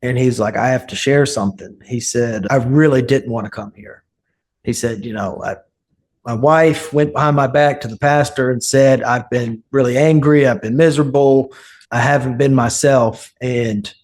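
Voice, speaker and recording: A man of middle pitch speaks as a podcast guest, earnest and unhurried in his storytelling. He slips into the voices of the people he quotes, then returns to his own even tone. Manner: earnest, acts out quoted speech. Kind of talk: casual storytelling interview.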